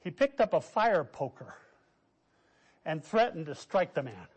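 Animated high-voiced male preacher. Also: unhurried, breathy edge. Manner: animated, quotes figures in raised voice, drops to quiet asides. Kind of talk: sermon storytelling.

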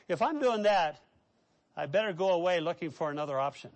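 Male preacher, high voice, emphatic lists and direct questions, swings loud to soft. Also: expressive, moderate pace, long pauses. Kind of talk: sermon.

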